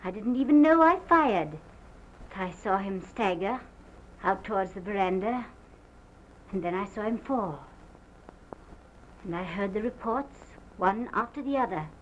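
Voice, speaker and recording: Actress as a distraught woman, halting delivery, mid-range voice, muffled 1920s film sound, faint hiss. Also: mid-range voice, expressive, lightly acted. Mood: strained. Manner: halting, hesitant, breaks off. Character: distraught woman recounting a violent night. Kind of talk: early sound-film acting.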